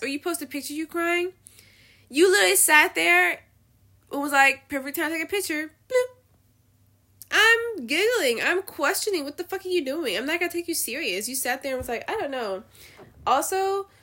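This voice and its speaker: Woman ranting her hot takes, cussing a lot, pretty high voice. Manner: blunt, profane, animated. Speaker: podcast host. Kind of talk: casual opinion rant.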